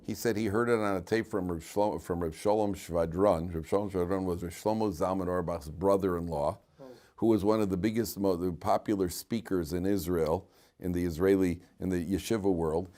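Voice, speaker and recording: A man with a somewhat low voice gives a lively Torah lecture, spinning a story for his students. He slips into hushed asides and then breaks out in loud bursts, and he teases the people in the room. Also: normal speed. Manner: teasing, jokes with students. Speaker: rabbi teaching a class.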